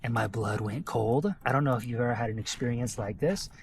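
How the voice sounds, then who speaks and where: An American man, a travel vlogger, telling a personal story to camera in an animated way and often checking in with his listeners. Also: mid-range voice, fairly quick, a little hiss or hum. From United States.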